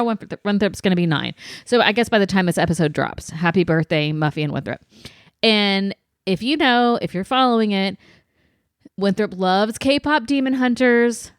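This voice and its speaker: A woman's voice: medium pitch, smooth, no room sound, clean studio sound. A woman co-hosting a podcast, teasing her co-host and telling family stories in casual chat. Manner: teasing, lively storytelling.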